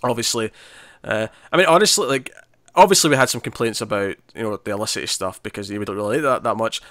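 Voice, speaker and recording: Man, podcast co-host, casual chat, rapid talker, dry close sound. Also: on the low side, fairly bright tone, no echo. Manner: chatty, laughs often, acts out characters' lines.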